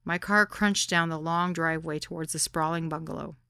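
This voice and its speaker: Brief: female memoir narrator, wry deadpan delivery, bright crisp tone, lower pitch. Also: fairly quick, no room sound, clean studio sound. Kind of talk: audiobook memoir reading.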